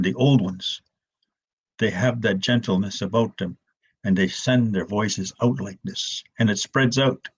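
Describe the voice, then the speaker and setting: An older man, an elder telling stories in a gentle, slow way, often restarting his words, with a husky voice. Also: mid-range voice, highs cut off. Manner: soft, slow and repetitive, with many restarts. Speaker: elder storyteller. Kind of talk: gentle storytelling talk.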